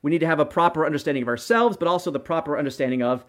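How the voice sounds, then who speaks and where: A middle-aged man preaches a sermon with a slightly high voice. He talks earnestly, restarts phrases and checks in with the congregation by asking "right?" again and again. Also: rapid-fire, fairly bright tone. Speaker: pastor.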